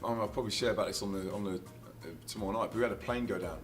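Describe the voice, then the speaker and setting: Animated man telling stories. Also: on the low side, very fast, faint music behind. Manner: animated, laughing, acts out quotes loudly. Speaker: touring Christian musician, interview guest. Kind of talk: casual anecdotal storytelling.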